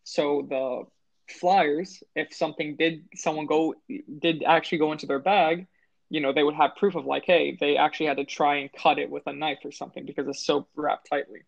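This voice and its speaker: A man's voice: a little high, steady tone, brisk, vocal fry, no room sound, dull audio. A man co-hosting a podcast, telling a story in a rambling way and correcting himself as he goes. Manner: rambling, self-correcting, fillers. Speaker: podcast co-host. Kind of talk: casual storytelling.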